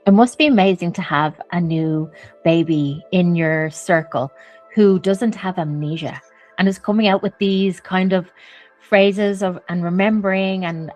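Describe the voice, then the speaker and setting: A woman hosting a casual chat, with a fairly low voice. She speaks gently and affirms what her guest says, with faint music underneath. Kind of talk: casual conversation.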